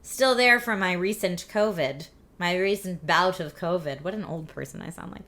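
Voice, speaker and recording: A woman in her forties with a slightly husky, scratchy voice and a lingering cough, hosting a casual live stream and reading viewer chat aloud. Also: lowish voice, moderate pace, sharp tone. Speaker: streamer host.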